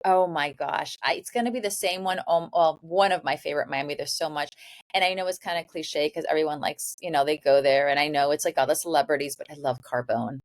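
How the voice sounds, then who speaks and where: Bubbly low-voiced woman, dry sound. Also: brisk, no room sound. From born in New York, raised in Ecuador and South Florida. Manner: bubbly, gushing, many restarts and laughs. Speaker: interview guest, dating coach. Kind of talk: casual interview chat.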